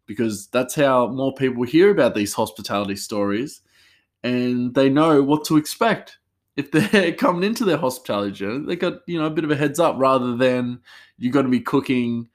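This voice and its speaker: A man, hosting a podcast as a chef, chatting casually in a rambling way with many restarts. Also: mid-range voice. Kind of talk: casual solo podcast chat.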